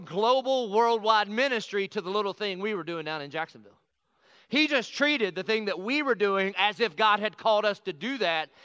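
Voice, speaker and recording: A middle-aged man, a pastor, telling a personal story in a lively conversational sermon and acting out the quotes. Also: high voice, no room sound. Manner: animated, conversational, acts out quotes.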